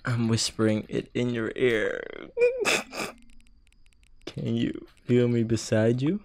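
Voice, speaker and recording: A man's voice: mid-range voice, flat delivery, slow pace, creaky, darkish tone, dry recording. A man voicing a flirty, bored woman who teases a stranger in an intimate tone. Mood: teasing.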